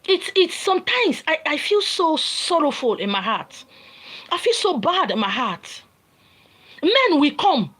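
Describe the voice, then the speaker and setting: Nigerian lady preaching at you, kinda high voice, super lively, keeps repeating herself for emphasis. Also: measured pace, rough recording. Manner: emphatic, repetitive, lecturing. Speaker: spiritual teacher. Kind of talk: informal spiritual teaching monologue.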